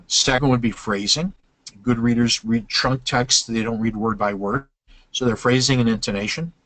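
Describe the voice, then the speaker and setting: An older man explains things to teachers in a webinar, patient and halting, often stopping on "uh" and starting over. His voice sits at an ordinary middle pitch. The recording is dry and close, with no room sound. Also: fairly even intonation, a bit bright, no echo, poor audio. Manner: explanatory, many "uh" fillers and restarts. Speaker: webinar presenter.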